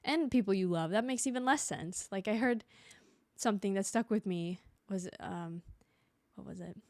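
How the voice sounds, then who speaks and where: A woman's voice: medium pitch, a little mellow, dry recording. Chatty woman telling stories, dry close sound. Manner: chatty storytelling with quick restarts and quoted voices. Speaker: podcast host. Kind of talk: casual solo podcast monologue. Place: home room.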